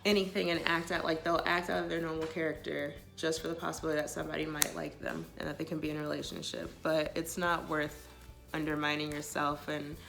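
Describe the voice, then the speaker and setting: A woman's voice: low voice, little pitch movement, fast talker, vocal fry, music in the background. A woman vlogger giving casual relationship advice to the camera, chatty and full of filler "likes". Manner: chatty, many filler likes, quotes others in passing.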